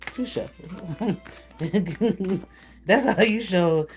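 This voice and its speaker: A woman's voice: fairly low pitch, very slow, darkish tone, soft background music. A woman doing a live card reading, talking bluntly and profanely while laughing often between remarks. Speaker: intuitive card reader.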